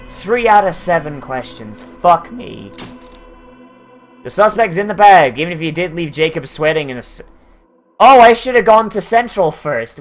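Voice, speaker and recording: High-voiced man chatting crudely. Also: lively intonation, moderate pace, soft background music. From United Kingdom. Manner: rambling, crude, joking. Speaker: game streamer. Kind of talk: casual game commentary.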